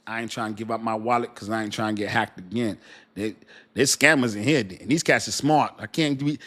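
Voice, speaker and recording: A man's voice: lowish voice, brisk, a bit bright, breathy edge. A man hosting a casual crypto livestream, rambling in slangy talk with many fillers and speaking straight to his chat.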